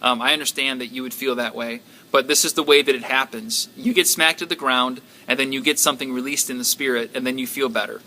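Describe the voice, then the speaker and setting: A calm kung fu teacher from a dream speaks quietly and patiently, in a hushed, slightly lower voice, as a man acts him out while retelling the dream. He sounds soft and reassuring, with a bright edge. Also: fast talker, few pauses, poor audio. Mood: gentle.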